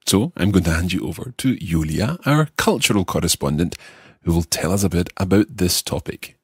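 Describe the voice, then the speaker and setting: A man hosting a language lesson podcast as the learner, repeating phrases slowly and carefully. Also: low voice, animated, breathy edge, no echo, clean studio sound. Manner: slow, careful repetition of phrases. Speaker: host and learner.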